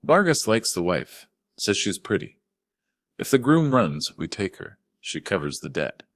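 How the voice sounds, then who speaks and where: A man voicing a menacing thug with a deep, gravelly voice and an Eastern European accent. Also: very animated, a little slow, a bit bright, no echo, studio quality, exaggerated voice.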